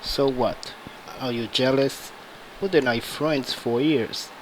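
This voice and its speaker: A man voicing a quiet, loyal male agent who speaks softly to an old friend. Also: medium pitch, takes it slowly, a little hiss or hum, voice pushed down, close to an everyday voice, rough recording. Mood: friendly.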